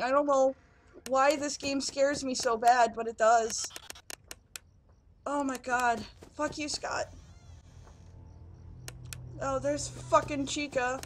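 A woman's voice: sits high, steady tone, takes it slowly, long pauses, a little hiss or hum. A woman doing horror game commentary, jittery and swearing constantly as she pleads with the game. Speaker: gaming youtuber.

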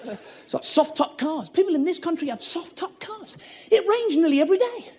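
A man's voice: extremely high pitch, lively intonation, normal speed, a little mellow. A man doing stand-up in a theatre, manic and profane, acting out little scenes as he goes. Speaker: stand-up comedian. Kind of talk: stand-up comedy routine. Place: theatre stage.

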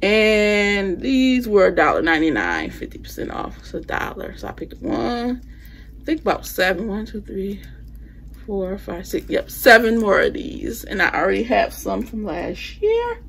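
A woman's voice: mid-range voice, sing-song, moderate pace, gravelly, a bit bright, breathy edge. A woman chatting casually with her viewers as she shows off the holiday decor she bought, using phrasing like "y'all" and "I'ma". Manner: chatty, addresses viewers as "you guys". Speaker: home decor vlogger. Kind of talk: casual haul chat.

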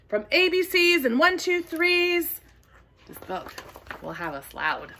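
A very high, bright-voiced young woman leads a toddler storytime, reading a picture book out loud. She talks slowly and stretches her words, gasping and calling out for the little ones to shout along. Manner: animated, gasping, drawn-out sing-song calls for children to join in. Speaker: children's storytime reader.

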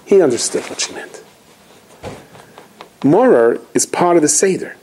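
A man's voice: mid-range voice, moderate pace, long pauses, husky, rough recording. A man, a rabbi, giving an inspirational holiday talk, telling stories animatedly and acting out the quotes. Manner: animated storytelling with acted quotes.

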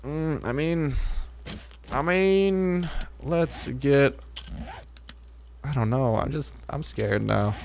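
A man talking over his own gameplay as a video host, loose and rambling with plenty of swearing. When something surprises him, his voice shoots up into high yelps before settling back down to his plain middle register. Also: very slow, gravelly, long pauses, a little hiss or hum. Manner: excitable, swears, jumps into high-pitched yelps when startled. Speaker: gaming YouTuber. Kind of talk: let's-play commentary.

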